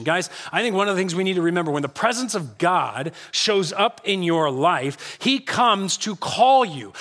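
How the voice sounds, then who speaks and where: A male pastor preaching a lively sermon to a church congregation, acting out quotes with animated shifts in voice. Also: high-pitched. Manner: animated, acts out God's voice and quotes.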